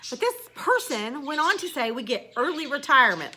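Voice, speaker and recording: A woman's voice: high-pitched, sing-song, moderate pace, few pauses, sharp tone, a little hiss or hum. A woman teacher, ranting casually in a blunt, sarcastic way and swearing now and then.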